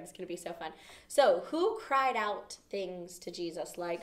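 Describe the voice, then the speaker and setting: A woman leading a children's Bible lesson in a playful, expressive way, asking the kids questions as she goes. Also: lowish voice, moderate pace. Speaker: children's ministry teacher. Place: church children's room. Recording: echoey room, mic at a distance.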